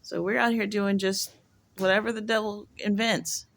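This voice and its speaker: A woman thinks out loud in a loose vlog to her viewers. Her talk wanders from thought to thought, full of "like" and "you know" and half-finished sentences. Her voice sits in an ordinary middle pitch. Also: flat delivery, moderate pace, creaky. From United States. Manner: rambling, musing, heavy use of "like". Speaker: vlogger. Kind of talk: casual monologue to camera.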